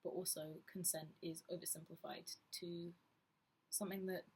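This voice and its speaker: A woman's voice: lowish voice, level tone, normal speed, a little mellow, slightly rough. A woman talking frankly and reflectively to camera in a personal vlog. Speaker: vlogger. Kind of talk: candid personal vlog talk.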